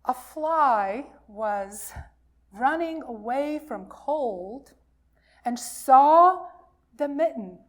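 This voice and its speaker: Woman minister, storytelling for all ages, high voice, unhurried delivery. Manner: slow, expressive storytelling. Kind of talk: reading a folktale aloud in a worship service.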